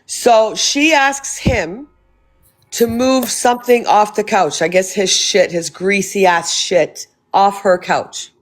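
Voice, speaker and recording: A woman's voice: mid-range voice, slow pace. A woman hosting a live stream, angrily confronting a guest with profanity.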